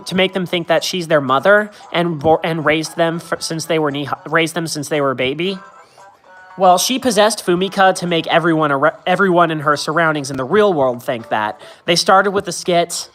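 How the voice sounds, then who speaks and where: A young woman streamer chatting casually about a show, rambling and correcting herself, with frequent giggles. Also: on the low side. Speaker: game streamer. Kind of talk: casual game commentary.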